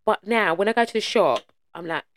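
A woman co-hosting a podcast in casual chat, an animated storyteller who swears freely. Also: medium pitch, a little fast. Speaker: podcast co-host.

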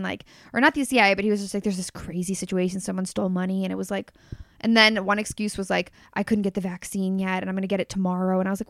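Fast-talking woman telling a candid story. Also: mid-range voice, no echo, studio quality. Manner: candid storytelling, quick and animated. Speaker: podcast guest. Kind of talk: casual chat.

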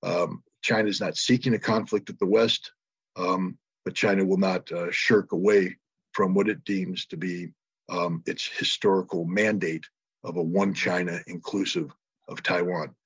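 A man answering a question on a panel, giving measured analysis with many pauses and fillers. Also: low-pitched, steady tone, slightly rough, no echo. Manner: measured, many ums and uhs. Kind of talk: analytical commentary.

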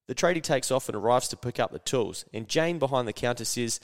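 A man with a New Zealand accent hosting a podcast, telling a story in a slangy, animated way and swearing casually. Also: mid-range voice, brisk, hardly any pauses, big-room sound. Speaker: podcast host.

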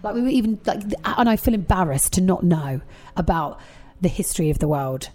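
A woman in her thirties, talking as a guest in a casual chat. She tells her stories in an animated, chatty way, full of quick asides. Her voice sits a little low for a woman. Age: 30s.

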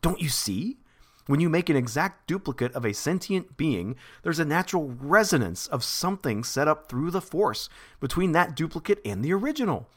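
A man's voice: fairly high pitch, big pitch swings, normal speed, a bit bright, pitched above the performer's own voice. A man reading aloud the lines of an earnest young rebel leader woman from a novel. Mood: urgent. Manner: plain read-aloud from a novel.

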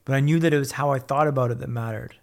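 A man's voice: mid-range voice, fairly even intonation, racing, vocal fry. A man telling his own story as a podcast guest, blunt and upbeat, swearing freely. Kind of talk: casual candid storytelling.

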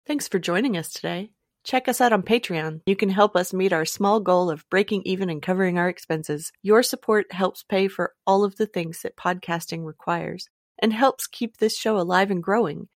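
A woman's voice: lowish voice, normal speed, dry recording, clean studio sound. A woman host reading a podcast outro in a friendly, straightforward way. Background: faint music.

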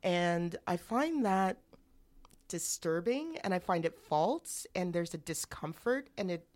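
A woman's voice: on the low side, expressive, slow pace, darkish tone. A woman co-hosting a podcast, telling a story in a rambling, candid way with many restarts. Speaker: podcast co-host. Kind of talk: casual podcast chat.

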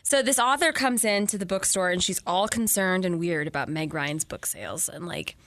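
A woman's voice: on the low side, moderate pace, no echo. Woman podcaster ranting about a movie, swears a lot, does the characters' lines, dry close sound. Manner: profane, animated, acts out characters' lines. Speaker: podcast co-host. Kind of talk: casual movie-review podcast chat.

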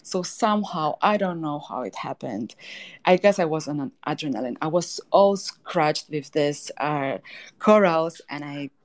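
Low-voiced woman telling a personal story. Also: lively intonation, a little slow. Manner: emotional storytelling, fillers and restarts. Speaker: guest artist. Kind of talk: personal story in a podcast interview.

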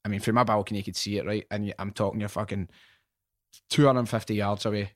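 A man's voice: fairly low pitch, fairly even intonation, fast, no room sound, studio quality. A Scottish man hosting a podcast, chatting casually and telling stories with plenty of swearing. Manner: swears freely, tells stories. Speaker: podcast host. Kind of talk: casual chat.

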